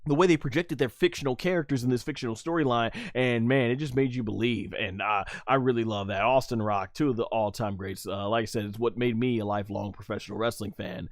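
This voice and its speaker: A man's voice: mid-range voice, fast talker, hardly any pauses, no room sound, studio quality. A man hosting a casual livestream, reading viewer comments and rambling with many fillers. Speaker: livestream host.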